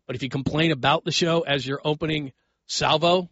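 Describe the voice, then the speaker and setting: A middle-aged man hosting a late-night sports call-in radio show, chatty and quick to laugh, turning firm when he lectures a caller. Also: on the high side, steady tone, a bit bright, no echo, lo-fi sound. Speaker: radio sports talk host. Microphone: studio broadcast mic.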